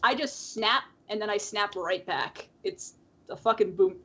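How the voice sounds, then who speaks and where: A woman's voice: mid-range voice, unhurried, pushed and bright, husky. A woman co-hosting a podcast in casual chat, rambling with lots of fillers and frequent laughs. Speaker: podcast co-host. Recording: dull lo-fi call audio.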